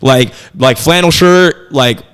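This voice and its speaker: A man's voice: mid-range voice, takes it slowly, a bit bright, clean tone. A man hosting a podcast, chatting casually and giving rambling, profane advice on stand-up comedy. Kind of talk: casual chat.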